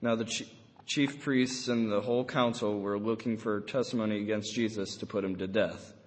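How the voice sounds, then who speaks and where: A man reading a Gospel passage aloud in church, steady and measured, with a few small stumbles. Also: fairly low pitch. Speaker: scripture reader. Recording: long echo in a large church.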